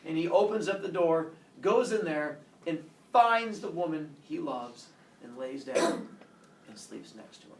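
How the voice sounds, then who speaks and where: A man's voice: fairly high pitch, expressive, measured pace. A man teaching a class, talking in a playful, theatrical way. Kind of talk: classroom lesson. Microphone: camera across the room. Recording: echoey classroom from far off.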